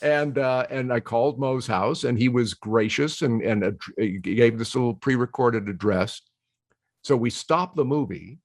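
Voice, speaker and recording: An older man, a guest on a conversation show, telling stories in a lively way, acting out quoted voices and laughing easily. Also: mid-range voice, measured pace, dry recording, studio quality. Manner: animated storyteller who slips into quoted voices. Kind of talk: casual conversation.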